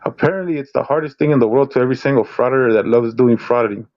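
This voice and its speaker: A man's voice: mid-range voice, fast, darkish tone, dull audio. A man co-hosting a casual video reaction chat, rambling and repeating words as he talks, often laughing.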